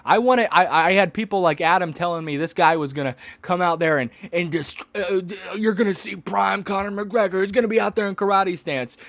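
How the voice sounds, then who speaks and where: A young man in his twenties casually recapping a fight event for a stream, excitable and mocking, stumbling over restarts as he talks. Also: high-pitched, fairly quick, hardly any pauses, dry recording. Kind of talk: casual rambling commentary.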